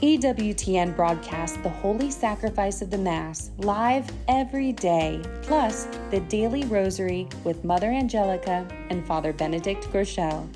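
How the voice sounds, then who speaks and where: A woman announcer reading a scripted promo in a smooth, earnest way. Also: mid-range voice, normal speed, hardly any pauses. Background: music.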